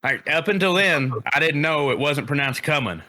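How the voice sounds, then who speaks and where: A man's voice: fairly high pitch, animated, moderate pace, pushed and bright. A man, telling a profane story in a casual podcast chat. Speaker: podcast co-host.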